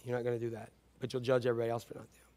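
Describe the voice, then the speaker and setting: A man preaching a sermon as a pastor, animated, swinging between loud and hushed delivery. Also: medium pitch, racing.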